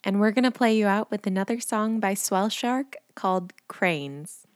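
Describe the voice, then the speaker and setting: A woman's voice: mid-range voice, normal speed, no echo, clean studio sound. A woman co-hosting a podcast, reading a friendly scripted outro. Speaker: podcast co-host.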